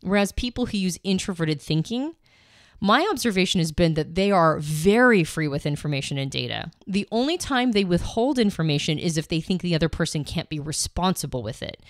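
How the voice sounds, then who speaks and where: A woman's voice: fairly low pitch, expressive, a little fast, no echo, clean studio sound. A woman co-hosting a podcast, explaining ideas conversationally with some fillers and restarts. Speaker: podcast co-host.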